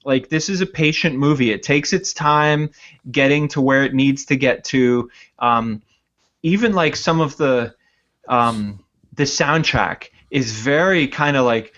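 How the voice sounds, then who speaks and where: A man's voice: mid-range voice, a little slow, a bit bright. A man co-hosting a casual podcast chat, reviewing a movie in a reflective way and searching for words as he goes. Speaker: podcast co-host. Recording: dull lo-fi sound.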